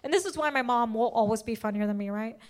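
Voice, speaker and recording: A young woman performing a stand-up set, telling stories in an animated way with sudden shouted outbursts. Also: on the high side, fast talker. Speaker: stand-up comedian.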